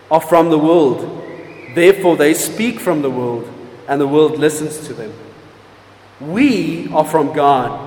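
High-voiced man preaching in an echoey hall. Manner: emphatic preaching with wide swings in loudness and pace, drawn-out key words. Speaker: pastor. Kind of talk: sermon. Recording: echoey hall with long reverb.

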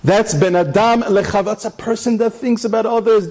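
A man's voice: sits high, fairly even intonation, moderate pace, hardly any pauses, darkish tone. A man telling an inspirational story, emphatic and repeating key phrases, with Hebrew terms mixed in. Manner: sprinkles Hebrew and Yiddish terms.

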